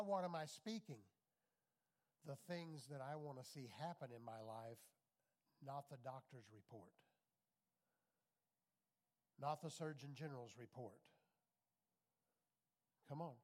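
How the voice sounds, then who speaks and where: A middle-aged man preaching a sermon, emphatic, with call-and-response and repeated phrases. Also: medium pitch. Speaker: pastor.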